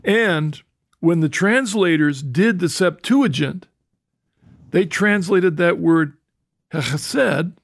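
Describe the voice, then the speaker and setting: An older man hosts a teaching talk in a slightly high, gravelly voice, recorded dry and close with no echo. He explains thoughtfully, restarting his phrases, and slows down when quoting scripture.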